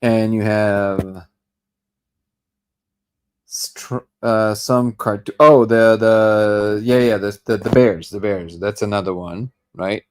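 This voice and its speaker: A man's voice: lowish voice, steady tone, slow pace, darkish tone, clear, resonant tone. Rambling man hosting a live show. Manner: thinks aloud, restarts and trips over words. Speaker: host of a daily live discussion show. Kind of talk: casual live commentary while watching a clip.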